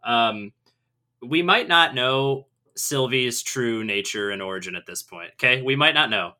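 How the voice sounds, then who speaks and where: A young man co-hosting a casual podcast, jokey and chatty, quick to laugh. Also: mid-range voice, lively intonation, bright, forceful tone. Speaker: podcast co-host.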